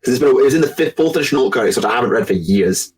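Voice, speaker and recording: A man's voice: medium pitch, animated, rapid-fire, low-quality recording. A man co-hosting a podcast in casual chat, rambling and enthusiastic. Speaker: podcast co-host.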